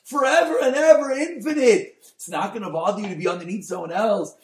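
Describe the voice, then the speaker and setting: A man, a rabbi, giving a Torah class on a Mussar text, mixing Hebrew terms into English and swinging from soft to loud. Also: high-pitched, fairly quick, echoey room. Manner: expressive, dynamic delivery, swings from soft to loud.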